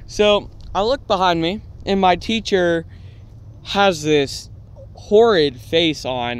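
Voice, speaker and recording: Male host, fairly high voice, relaxed anecdotal delivery with a faint hum of background noise. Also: takes it slowly. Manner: lively anecdotes with frequent "all right?" and "right?" tags. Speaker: storytelling channel host. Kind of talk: casual storytelling.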